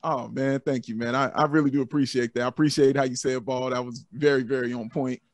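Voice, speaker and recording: A man's voice: mid-range voice, fairly even intonation, fast talker, no room sound. A man chatting as a podcast guest in an upbeat, laid-back way, laughing often and calling people "man". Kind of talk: casual chat.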